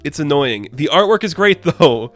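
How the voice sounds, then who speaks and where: A man's voice: a little high, sing-song, moderate pace, faint music behind. A man reviewing a comic book in a casual, sarcastic and exasperated rant, addressing his viewers directly.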